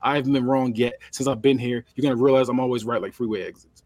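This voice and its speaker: A swaggering male wrestling champion, put on by a man throws boasts and insults at his rivals in quick succession. The delivery is fast and dry, close to the mic with no room around it. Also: mid-range voice, fairly even intonation, darkish tone, no room sound, close to an everyday voice. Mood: cocky. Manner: cocky, boastful trash talk. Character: brash trash-talking male wrestling champion. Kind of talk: improvised wrestling promo.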